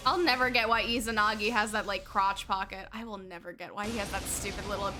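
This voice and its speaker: A woman in her twenties streaming a video game, chatting in an excitable, rambling way and swearing a lot. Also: mid-range voice, quick pace, hardly any pauses, over music. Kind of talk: casual let's-play commentary.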